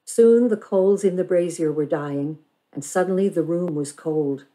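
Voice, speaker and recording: Warm-voiced woman reading a novel. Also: lowish voice, rough recording. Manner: measured, expressive storytelling. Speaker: reader. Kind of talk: reading a children's novel aloud.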